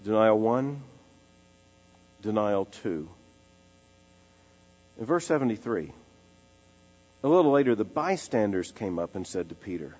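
A male preacher delivers an emphatic expository sermon, repeating key phrases and slowing to let them land. His voice carries a long reverb, as in a large hall, with a dull lo-fi quality and faint music underneath. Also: medium pitch, very animated, darkish tone.

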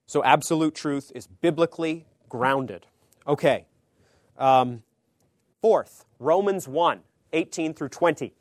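Man preaching with sudden hushed drops. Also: slow pace, no room sound, clean studio sound. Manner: swings between emphatic loud phrases and hushed low asides; conversational, checks in with "okay?". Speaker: pastor or Bible teacher. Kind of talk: sermon teaching.

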